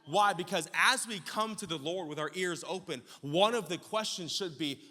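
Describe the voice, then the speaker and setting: A man pastor preaching a sermon, firing off rhetorical questions and building up to shouts at the peaks. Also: high-pitched, moderate pace, hardly any pauses. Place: church sanctuary. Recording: long church-hall reverb.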